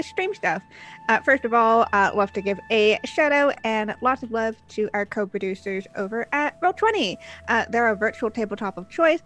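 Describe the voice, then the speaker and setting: An upbeat woman with a fairly high voice opens a tabletop game stream as its game master. She runs through announcements in a chatty way, peppered with filler sounds. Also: fairly bright tone.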